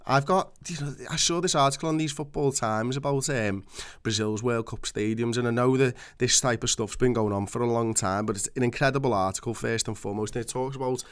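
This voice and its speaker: A man co-hosting a casual podcast, rambling and animated as he tells stories, swearing freely. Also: medium pitch, a little fast, hardly any pauses, clean tone. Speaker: podcast co-host.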